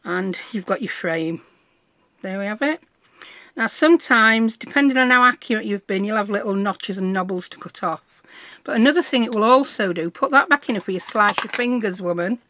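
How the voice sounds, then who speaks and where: A woman's voice: medium pitch, moderate pace, sharp tone, no echo. A middle-aged woman, chatting through a crafting tutorial in a bubbly, self-deprecating way. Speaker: craft vlogger.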